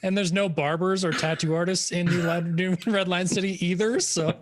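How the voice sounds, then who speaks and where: High-voiced young man joking as a player. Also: fairly even intonation. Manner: joking, quick asides. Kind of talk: casual game chat.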